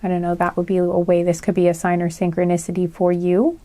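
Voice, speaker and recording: A woman's voice: on the low side, flat delivery, fast talker, mellow, no echo. A woman giving a casual, rambling tarot reading, chatty and full of fillers as she reads out signs. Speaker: tarot reader.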